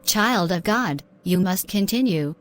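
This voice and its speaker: Woman, earnest devotional narrator, mid-pitched, exhorting tone, faint music bed. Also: animated, measured pace. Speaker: inspirational narrator.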